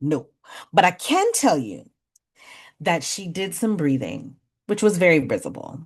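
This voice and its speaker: A woman in her forties leading a parenting workshop, talking conversationally, laughing at herself and slowly counting out breathing exercises. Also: sits low, very animated, husky. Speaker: workshop facilitator. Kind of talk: guided breathing exercise and storytelling talk.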